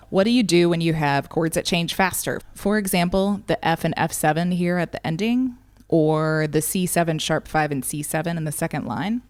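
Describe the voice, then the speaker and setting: Low-voiced woman teaching ukulele. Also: a little mellow. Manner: patient, counts and calls strums rhythmically. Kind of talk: instructional lesson, counting beats aloud. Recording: ukulele playing behind the voice.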